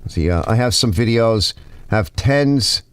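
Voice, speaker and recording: A man's voice: lowish voice, expressive, unhurried, a bit bright, clean tone, no room sound. A man with a New York accent, hosting his own channel, rambling casually to viewers and often restarting his sentences. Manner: rambling, restarts sentences, reads comments aloud. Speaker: YouTube channel host.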